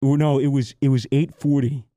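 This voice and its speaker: A young man from the United States tells a story in a casual podcast chat, swearing freely and acting out the people he quotes. His voice is very dark and mellow. It is recorded dry and close. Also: mid-range voice, flat delivery, normal speed, no room sound. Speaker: podcast co-host.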